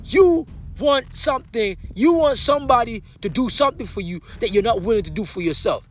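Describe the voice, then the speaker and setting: Super high-pitched guy preaching motivation at you, shouty one sec then dropping way low and quiet. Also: lively intonation, brisk. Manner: emphatic preaching, swinging from shouts to hushed low tones; repetitive rallying phrases. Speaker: motivational speaker. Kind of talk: motivational speech.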